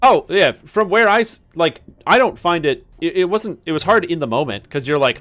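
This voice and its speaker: Animated and a bit bright, this young streamer's fairly high voice moves at normal speed as he plays a game and rambles through casual stories. Faint music plays behind his webcam-streaming mic.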